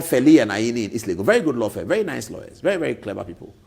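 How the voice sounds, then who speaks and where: A man's voice: medium pitch, very animated, rapid-fire, vocal fry, hardly any pauses, a little mellow, husky. A middle-aged Ghanaian man hosting a talk show, telling a story with emphasis and repeating names for effect. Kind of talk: animated storytelling commentary.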